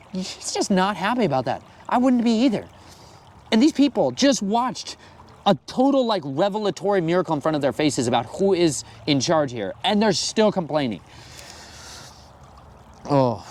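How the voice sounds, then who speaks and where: A man reading scripture aloud and then commenting on it in a conversational, animated sermon style. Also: high-pitched, moderate pace. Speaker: Bible teacher.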